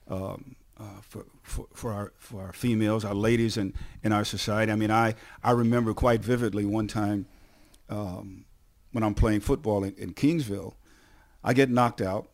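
A man's voice: lowish voice, normal speed. Chatty man telling stories with lots of repeats. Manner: animated storyteller, repeats words and restarts. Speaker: TV on-air personality, podcast guest. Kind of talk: casual storytelling chat.

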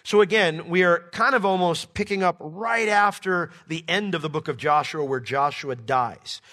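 A middle-aged man teaching through a Bible book as pastor, swinging from soft asides to emphatic points. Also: fairly high pitch, moderate pace.

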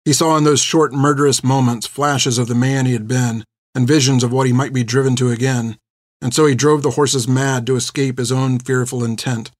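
A man narrates a story in a steady, measured voice at an ordinary middle pitch. He is recorded on a close studio mic. The sound is dry, with no room around it. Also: no room sound. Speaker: audiobook narrator. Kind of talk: scripted narration.

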